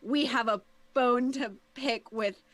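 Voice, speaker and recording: A woman's voice: fairly high pitch, slow, dry recording. A woman player in a tabletop game, casually describing her character's actions with amusement.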